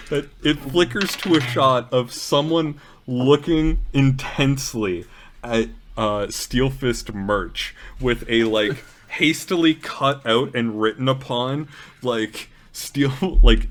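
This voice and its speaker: A man narrating as game master in a tabletop role-playing game, telling scenes loosely with plenty of ums and likes. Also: medium pitch. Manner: loose, filler-heavy retelling with many ums and likes.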